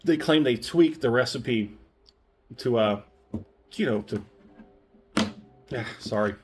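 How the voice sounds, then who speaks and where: A man's voice: mid-range voice, slow, a little mellow, breathy edge, faint music behind. A man reviewing a whisky in a casual, rambling way, often correcting himself and chuckling. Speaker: spirits reviewer.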